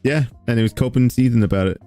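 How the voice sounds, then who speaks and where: A man's voice: mid-range voice, very fast, soft background music. A man hosting a stream, chatting casually and sardonically while reacting to clips. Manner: relaxed, rambling, sardonic with fillers. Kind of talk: casual commentary over clips.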